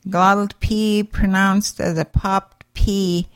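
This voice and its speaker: A woman teaching a language's sounds, slowly saying each letter, its sound and an example word. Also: medium pitch, steady tone, smooth, dry recording. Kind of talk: slow pronunciation lesson.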